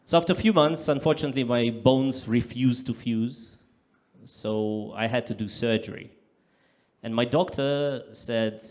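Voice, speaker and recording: A male stand-up comedian, speaking at an average pitch into a handheld mic on a club stage. He plays his punchlines deadpan, then jumps into loud, exaggerated acted-out voices. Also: measured pace. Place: comedy club stage in front of a live audience.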